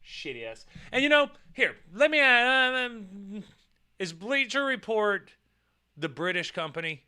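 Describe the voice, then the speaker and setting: Casting: excitable guy streaming a rant, high lively voice, bright and crisp, swears constantly. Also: measured pace. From United States. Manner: animated, swears a lot, mocks with put-on voices. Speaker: streamer reacting to a list and chat. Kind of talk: profane casual rant reading chat.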